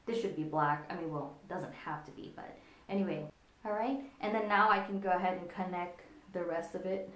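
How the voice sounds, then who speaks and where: A woman's voice: fairly low pitch, brisk, fairly bright tone. A woman talking through a casual makeup tutorial, explaining each step as she demonstrates it on herself at her desk. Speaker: makeup vlogger. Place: indoors at a desk with a monitor. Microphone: computer camera in front of her. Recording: echoey room.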